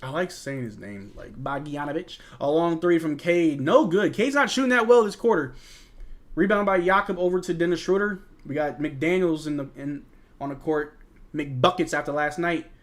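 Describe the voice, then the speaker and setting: A young man with a slightly high voice hosts a live fan stream. He calls the plays loosely and chats back to his viewers in a relaxed, joking way, tossing in bits of trash talk. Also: normal speed. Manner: chatty, reads and answers chat, jokes and trash talk. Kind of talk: casual live game watch-along commentary.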